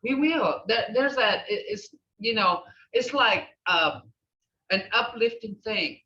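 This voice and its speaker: An older woman teaching a language class, repeating words slowly and checking in with "okay?". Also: a little high, animated, bright, forceful tone. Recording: echoey, distant, dull room recording.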